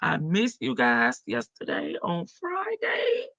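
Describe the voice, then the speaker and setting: A woman hosts a casual live stream from her front porch, greeting her chat viewers by name. Her morning voice is heavy and gravelly, and she talks at an unhurried pace with a bright edge. The sound is dry and a little muffled. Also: sits low, wildly swooping pitch, no room sound.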